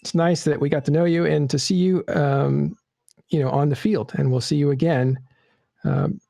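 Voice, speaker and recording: Gravelly-voiced man hosting a chat show. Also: fairly high pitch, fairly even intonation, mellow, dry recording, clean studio sound. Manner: halting, many fillers, friendly wrap-up. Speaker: podcast host. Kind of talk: casual interview chat.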